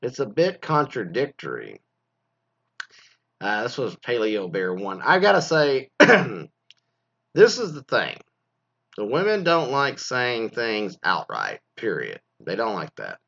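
A man's voice: medium pitch, huge pitch swings, slow, gravelly, fairly bright tone. Profane rambling man ranting. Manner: profane, rambling, full of fillers. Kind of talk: casual rant. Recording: dull lo-fi recording.

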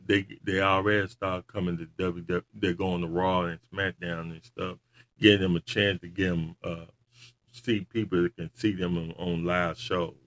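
Low-voiced man in animated chat. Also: normal speed. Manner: animated storyteller, laughs often. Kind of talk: casual chat about wrestling.

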